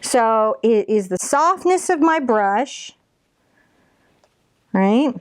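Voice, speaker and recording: A woman's voice: on the high side, expressive, extremely slow, smooth, no room sound. A woman teaching a step-by-step painting tutorial, chatty and encouraging as she talks through each brush stroke.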